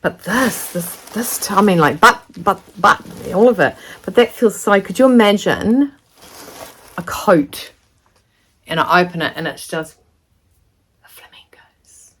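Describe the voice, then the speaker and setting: A woman, chatting casually to camera as she unboxes a gift of fabric, gushing and sometimes dropping into soft whispers. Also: mid-range voice, expressive, unhurried, husky. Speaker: sewing vlogger.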